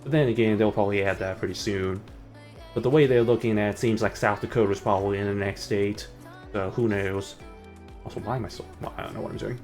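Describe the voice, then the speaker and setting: A man's voice: on the low side, fairly even intonation, quick pace, darkish tone, faint music behind. A young man streaming a driving game, rambling in casual commentary and mocking himself. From United States. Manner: rambling, self-mocking, breaks into sung snippets.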